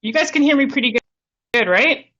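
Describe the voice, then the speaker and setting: A woman from Canada, a guest on a livestream talk show, chatty and polite and quick to laugh. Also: high voice, sharp tone. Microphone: video call. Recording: dull lo-fi call audio.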